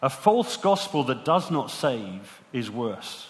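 Male preacher, mid-pitched, earnest sermon delivery, long hall reverb. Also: sing-song, takes it slowly. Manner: earnest, many rhetorical questions.

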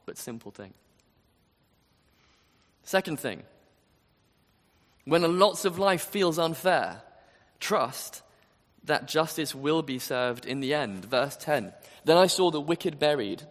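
Preaching earnestly, a man drives his points home and poses rhetorical questions to the congregation. His slightly high voice swings widely in pitch, and a big hall's long reverb surrounds it.

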